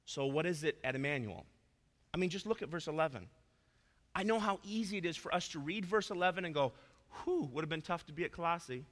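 A man preaching a sermon as pastor, swinging between loud emphatic points and soft asides. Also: on the high side, lively intonation, fast. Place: church sanctuary. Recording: long reverb of a church hall.

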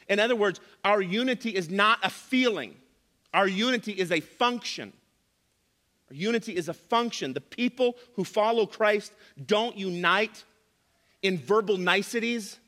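Bright-voiced male pastor preaching in a hall. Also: sits high. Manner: emphatic preaching, repeats key phrases, dry sarcasm. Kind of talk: sermon. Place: church sanctuary.

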